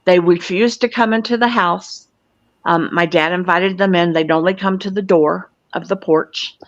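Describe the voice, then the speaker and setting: A Florida woman in her sixties, a guest and UFO field investigator, recounts a personal experience in an earnest, matter-of-fact way. Her fairly low voice is fairly even at a moderate pace, and the recording is dull, lo-fi and dry, with no room sound.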